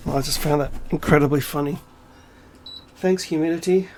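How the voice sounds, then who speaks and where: A man's voice: on the high side, steady tone, normal speed, pauses often, darkish tone, slight background noise. A man giving a profane, sarcastic, indignant monologue to camera, full of rhetorical asides and "um"s. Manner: rhetorical asides and frequent fillers. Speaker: video creator.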